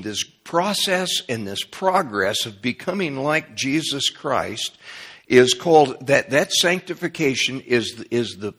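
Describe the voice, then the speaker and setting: A man preaching a sermon in a conversational way, often checking in with his listeners and rising in pitch and volume when he gets animated. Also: breathy edge. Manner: conversational, asks the congregation "okay?".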